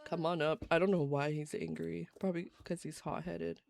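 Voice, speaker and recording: A woman's voice: sits low, steady tone, normal speed, creaky, darkish tone. A woman streamer giving casual, giggly commentary on a life-simulation game while she plays live. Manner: chatty, giggly, reacts to gameplay. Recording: faint game music behind.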